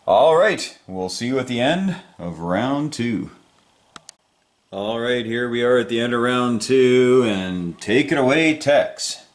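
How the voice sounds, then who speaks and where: Upbeat guy running board game commentary, average pitch, chatty. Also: expressive, takes it slowly. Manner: upbeat, chatty, hands over to players. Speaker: host and game narrator.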